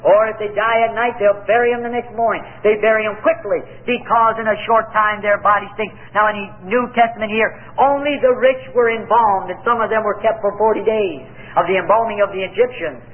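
Brief: high-pitched American male pastor, emphatic storytelling sermon, lo-fi phone-quality audio. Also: steady tone, a little fast, few pauses. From United States. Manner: earnest, emphatic preaching with storytelling asides.

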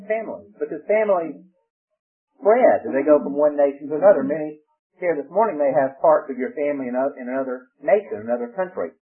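A man's voice: fairly high pitch, lively intonation, a little fast. A man from Georgia, preaching a folksy Bible-study sermon that poses questions and answers them. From Georgia, USA. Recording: tinny radio broadcast.

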